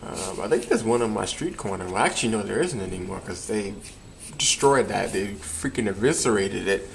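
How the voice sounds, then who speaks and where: A young man talks casually to the camera, rambling through old memories and laughing often. His voice sits a little low. Faint outdoor ambience can be heard behind him. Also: animated, moderate pace, vocal fry, slight background noise. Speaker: vlogger.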